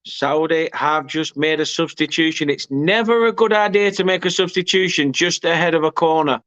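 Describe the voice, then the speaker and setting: English male watchalong host, high tense voice, excitable play-by-play, correcting himself as he goes. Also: normal speed, no echo, muffled recording. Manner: excitable, self-correcting, erupts at goals. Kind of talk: live match commentary.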